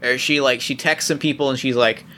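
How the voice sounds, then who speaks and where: A man's voice: mid-range voice, fairly even intonation, brisk, bright, forceful tone, slight background noise. A man narrating as game master of a tabletop role-playing game, rambling with lots of fillers and restarts.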